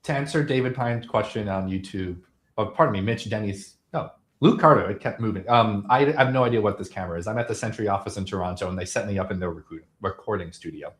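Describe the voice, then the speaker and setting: A man's voice: fairly low pitch, quick pace. A man talking as a guest on a live stream from a small office recording studio, friendly and upbeat. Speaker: guest speaker. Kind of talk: casual remote chat.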